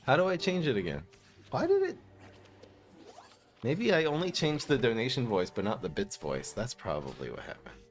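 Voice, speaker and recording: A man commentating his live-streamed card game, excitable and laughing often as he talks to his chat. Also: mid-range voice, moderate pace, pauses often.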